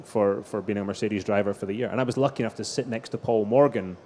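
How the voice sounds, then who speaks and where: This middle-aged racing driver speaks fast in a lowish, dark voice, sharing anecdotes as a guest at a live stage interview. He restarts frequently, and slight background noise is audible.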